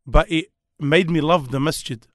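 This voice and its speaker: Earnest young Australian man, a bit high. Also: moderate pace, no echo, studio quality. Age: young adult. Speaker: guest speaker. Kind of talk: casual chat.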